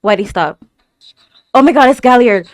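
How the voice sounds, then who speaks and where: A woman reacts aloud to an anime episode, her high voice leaping all over its range. She gasps, stammers and exclaims nonstop. The sound is close and dry. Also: animated, moderate pace, no room sound. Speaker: reaction video host. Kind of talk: live anime reaction commentary.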